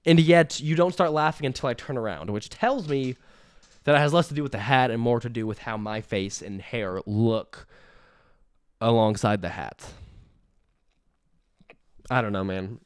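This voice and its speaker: A young man doing a rambling comic monologue, deadpan and self-pitying, sometimes cracking up at himself. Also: mid-range voice, normal speed, pauses often, clean tone, no room sound, studio quality. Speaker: comedian.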